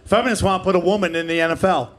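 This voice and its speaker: A brash man in his forties works a stand-up comedy set with a high, raised voice, swearing freely and shouting out his punchlines. He is heard on a stage mic, with a faint room hum behind him. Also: steady tone, racing. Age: 40s. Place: comedy club stage in front of a live audience.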